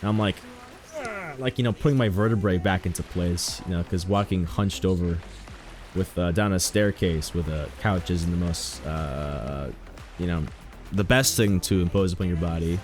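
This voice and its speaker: A man's voice: low voice, normal speed, soft background music. A young man chatting casually while streaming a game, joking, rambling and telling stories to his chat. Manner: joking, rambling, animated storytelling.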